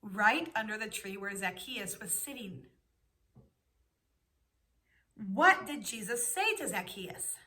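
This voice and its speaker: A woman's voice: medium pitch, lively intonation, slow, pauses often, bright, forceful tone. A woman teaching young children, patiently asking questions and giving the answers. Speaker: preschool teacher.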